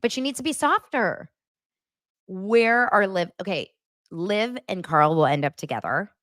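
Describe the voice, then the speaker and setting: A gossipy young woman chats through a reality TV recap, her pitch jumping up and down as she gets worked up. She mimics people in mocking voices. The sound is close and dry, with no room around her. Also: a little slow, no echo. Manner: gossipy and animated, acting out quotes in mocking voices. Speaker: podcast host. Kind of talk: casual pop-culture recap chat.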